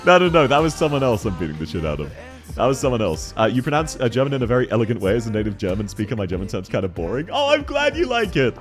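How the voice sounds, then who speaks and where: A man's voice: mid-range voice, sing-song, faint music behind. A young man with an Australian accent, a VTuber streamer chatting playfully with viewers while he plays a game. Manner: playful, teasing, quick to laugh. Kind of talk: casual livestream commentary.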